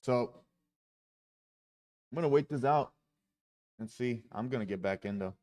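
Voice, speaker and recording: A man's voice: medium pitch, unhurried, darkish tone. A man live-streaming his day trading, talking through his trades with heavy swearing and frustrated outbursts.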